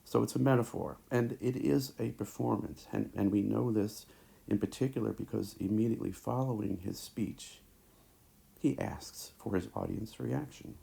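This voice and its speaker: A man teaching a recorded lecture over slides, talking haltingly with many fillers and restarts, into a tablet mic. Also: on the low side, vocal fry, warm tone.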